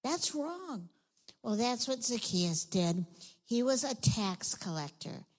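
A woman leads a children's sermon, telling a Bible story with lively energy. She keeps drawing the kids in with questions, in a voice of ordinary middle pitch. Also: a little slow, rough recording. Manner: animated, asks the children questions.

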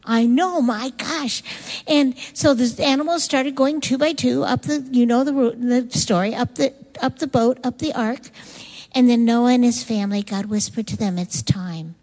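Animated woman telling a Bible story. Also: a little high, normal speed, rough recording. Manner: animated, repetitive storytelling emphasis. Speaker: children's Bible teacher.

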